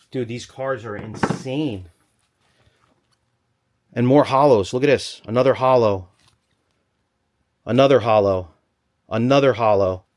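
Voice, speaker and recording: A man vlogging from a storage locker, rambling and thinking aloud in an excited stop-start way, a little out of breath. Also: mid-range voice. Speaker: storage unit reseller. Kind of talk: excited unboxing vlog.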